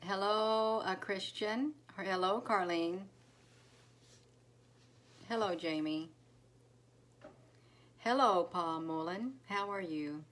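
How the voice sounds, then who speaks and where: A woman's voice: mid-range voice, takes it slowly, pauses often, fairly bright tone. A woman hosting a casual live stream, greeting viewers one by one by name with many fillers. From United States. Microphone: phone.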